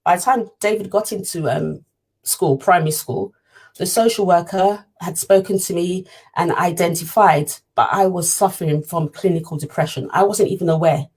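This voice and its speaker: Woman, parent telling her story; husky, earnest, repeats herself for emphasis. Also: lowish voice, normal speed, darkish tone. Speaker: parent sharing her experience. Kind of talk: personal storytelling talk.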